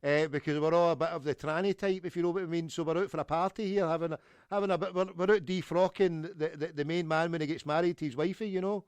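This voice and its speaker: Man doing a giddy, squeaky party-planner. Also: fairly even intonation, clear, resonant tone, no echo, lightly acted. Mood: overexcited. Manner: fast, breathless, overexcited. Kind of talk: prank phone call.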